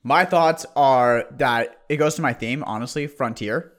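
A man's voice: medium pitch, unhurried. A man co-hosting a podcast in a blunt, laid-back, profane way. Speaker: podcast co-host. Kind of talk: casual podcast chat.

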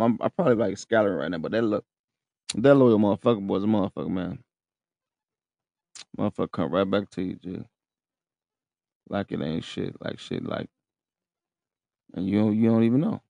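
A man delivers a loose, rambling, profane street-slang monologue to camera. His low voice is dark, with a rough, gravelly edge, and the sound is dry and close, with no echo or room around it.

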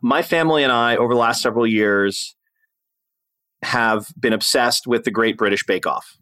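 A man's voice: medium pitch, moderate pace, sharp tone, smooth. A man hosting an interview, asking curious, thoughtful questions in casual chat. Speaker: host.

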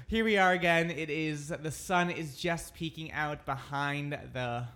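A man's voice: on the high side, unhurried, pushed and bright, a little hiss or hum. A man hosting a casual morning radio show from a studio, talking in a hyper, giggly, chatty way. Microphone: studio microphone.

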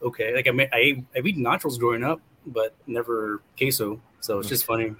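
A man's voice: medium pitch, steady tone, fairly quick, bright, forceful tone, rough recording. A man from South Texas speaking casually as a chef guest, hesitant and full of fillers. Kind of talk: conversational interview.

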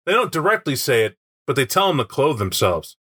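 Guy chatting about a game book, bright punchy voice, keeps doing little voices for the characters. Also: mid-range voice, fairly quick, slightly rough. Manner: animated, acts out quotes in put-on voices. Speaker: podcast co-host discussing a tabletop game book. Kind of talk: casual chat.

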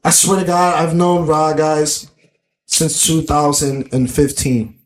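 Young man, high voice, loose animated podcast storyteller, echoey room with faint noise. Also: slow. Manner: animated storytelling, mimics friends, swears a lot. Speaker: podcast host. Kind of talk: casual podcast chat.

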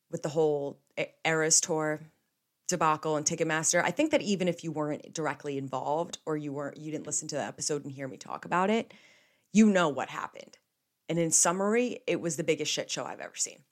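A young woman from the United States hosting a podcast alone, telling stories in a chatty, animated way with playful asides. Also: sits low. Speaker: podcast host. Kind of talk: casual solo podcast chat.

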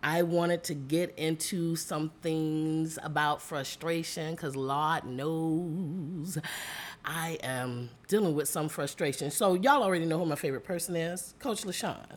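Upbeat lady podcast host, a bit hoarse and rough today, lowish voice, chatty. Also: measured pace. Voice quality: slightly rough voice. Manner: upbeat, chatty, calls listeners "y'all" and "guys". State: hoarse from allergies. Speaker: podcast host and life coach. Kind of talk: casual podcast chat. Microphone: studio mic.

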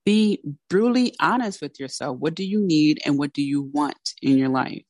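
A woman with a low voice coaches her listeners on a motivational podcast. She talks in a direct, candid, conversational way. Her voice is dry and close, with no room sound. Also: lively intonation, normal speed, darkish tone, no echo. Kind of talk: motivational solo talk.

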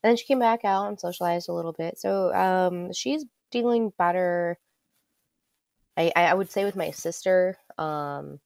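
Low gravelly-voiced woman just talking it out, swears a bunch, dry close sound. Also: normal speed, darkish tone, no echo. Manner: candid, loose, swears freely, lots of ums. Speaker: guest. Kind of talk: casual personal storytelling.

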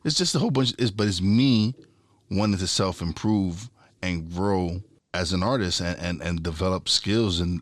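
A man's voice: low voice, no room sound, clean studio sound. A man hosting his own podcast, talking in casual chat, swearing freely and restarting his words as he gets fired up. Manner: profane, animated, repeats and restarts words. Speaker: podcast and radio host.

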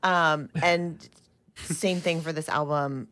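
A woman's voice: on the low side, expressive, moderate pace, fairly bright tone, slight background noise. A woman guest on a podcast, giving blunt, amused opinions and using lots of fillers. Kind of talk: casual podcast chat.

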